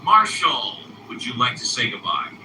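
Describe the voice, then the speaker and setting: Animated man hosting a live chat room. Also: fairly high pitch. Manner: animated, drawn-out calls and repeated phrases. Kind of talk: live talk moderation. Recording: echoey, distant, noisy room pickup.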